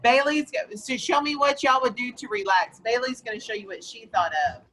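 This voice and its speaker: A woman teaching young children in a classroom, patiently asking questions and slowly explaining vocabulary. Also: fairly high pitch, background noise. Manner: patient, questioning, slow and encouraging. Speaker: elementary school teacher. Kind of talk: classroom lesson.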